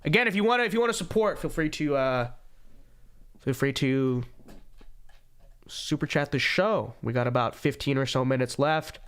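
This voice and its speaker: A man's voice: a little high, a bit bright, smooth. A young man hosting a podcast livestream, chatting casually and reading viewer messages with joking, sarcastic asides, tired but talkative. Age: young adult. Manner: joking, sarcastic, repeats catchphrases. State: fatigued. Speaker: podcast host. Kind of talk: casual livestream chat reading super chats.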